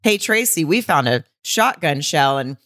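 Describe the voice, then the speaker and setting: A woman chats through a movie plot with her co-host, her voice low but swinging widely as she mimics the characters. She laughs often and throws in mock quotes. The sound is close and dry. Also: sing-song, unhurried, a bit bright, no echo. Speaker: podcast co-host. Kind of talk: casual chat recapping a movie.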